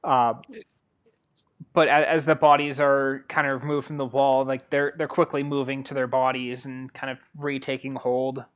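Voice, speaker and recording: A man narrating as game master of a tabletop game, halting and full of fillers. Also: medium pitch, flat delivery, fairly bright tone. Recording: dull lo-fi audio.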